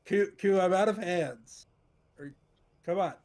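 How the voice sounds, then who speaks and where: A man's voice: fairly high pitch, measured pace, a little mellow, breathy edge. A man voicing a weary male adventurer who grumbles in an offhand, resigned way. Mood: exasperated.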